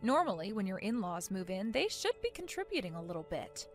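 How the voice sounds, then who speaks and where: A woman voicing a calm, sarcastic young woman who talks softly and coolly in an animated story. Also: medium pitch, fairly quick. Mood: matter-of-fact. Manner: soft, cool, sarcastic. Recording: faint music underneath.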